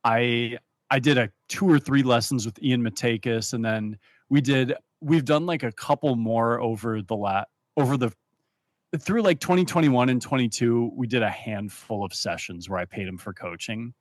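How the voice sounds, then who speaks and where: A man talking as a poker coach in casual podcast chat, with a mid-pitched voice. He stumbles and repeats words while thinking aloud. The recording is dry and close. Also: normal speed, no room sound.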